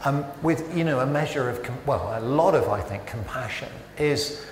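A man's voice: mid-range voice, moderate pace, a little hiss or hum. A man preaching a sermon in a church, conversational and full of rhetorical questions. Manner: conversational, self-interrupting, animated rhetorical questions. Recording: echoey church with long reverb.

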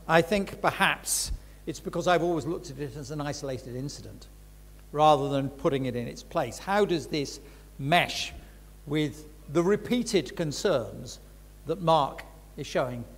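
Older guy preaching, husky voice a bit on the high side, frank chatty teaching, lots of punchy stresses, long hall echo. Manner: frank and conversational, with emphatic stresses. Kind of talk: reflective Bible teaching talk. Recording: long reverb of a large hall.

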